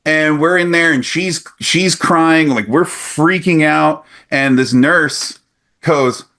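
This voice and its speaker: Speaking slowly in a slightly high voice, a man in his forties co-hosts a podcast and spins an animated story in relaxed conversation. He voices the other characters' lines himself, captured through a podcast microphone.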